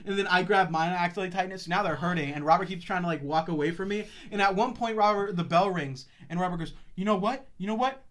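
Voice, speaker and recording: Bright-voiced young man chatting on a podcast. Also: high voice, racing, hardly any pauses. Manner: swearing, rambling storyteller. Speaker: podcast host. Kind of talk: casual podcast chat.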